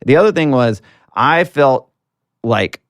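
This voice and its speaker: In a casual interview, a man from Alabama in the US South who works in political marketing tells stories earnestly, full of fillers. His mid-range voice is slow with lively intonation, captured in clean studio sound without echo.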